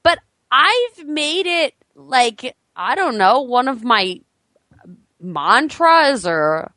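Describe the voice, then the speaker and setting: A woman's voice: high voice, sing-song, very slow, pushed and bright, no room sound. A woman co-hosting a casual chat, laughing often and teasing her co-host. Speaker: podcast co-host.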